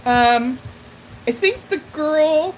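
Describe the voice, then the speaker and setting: Slow, chatty higher-voiced woman. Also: lively intonation, slight background noise, low-quality recording. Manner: chatty and rambling, addresses viewers by name. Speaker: livestream host. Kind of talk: casual chat answering viewer comments.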